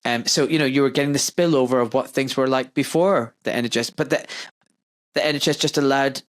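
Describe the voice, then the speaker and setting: A man's voice: medium pitch, fairly even intonation, fairly quick. A man, a doctor hosting a podcast, talking in an impassioned, emphatic rant that keeps circling back to its points. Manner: impassioned ranting, emphatic and repetitive. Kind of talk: podcast conversation.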